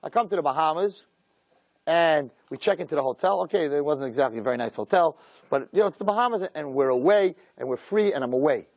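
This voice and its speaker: A man, a rabbi, telling a personal story in a lively way and acting out the dialogue. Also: no echo, lo-fi sound. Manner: animated, acts out dialogue with quick pitch swings. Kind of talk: storytelling talk.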